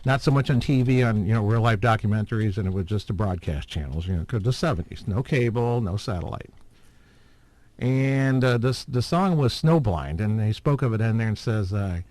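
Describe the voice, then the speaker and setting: A man's voice: on the low side, animated, normal speed, a little mellow, no echo. A man hosting a podcast, chatting casually in a rambling, hesitant way with many fillers and chuckles. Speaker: podcast host. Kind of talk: casual chat.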